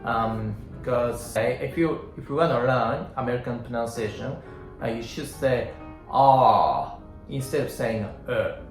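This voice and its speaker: A man's voice: mid-range voice, steady tone, normal speed. A man with a Japanese accent teaching English pronunciation in a casual way, hesitating often with fillers and sounding out example words. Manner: demonstrates sounds aloud. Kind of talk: casual instructional talk. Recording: roomy echo with faint guitar.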